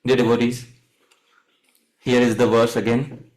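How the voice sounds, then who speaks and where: A man's voice: medium pitch, flat delivery, measured pace, a little mellow, low-quality recording. A man giving a devotional lecture, often quizzing his listeners and calling them dear devotees, leading chants they repeat. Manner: asks the audience questions, addresses them as dear devotees. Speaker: devotional teacher.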